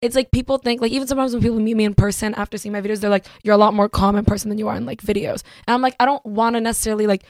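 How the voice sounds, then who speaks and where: A woman's voice: mid-range voice, steady tone, racing, few pauses, a little mellow, no echo, studio quality. A woman co-hosting a casual group chat, chatty and often laughing. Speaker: podcast co-host, content creator.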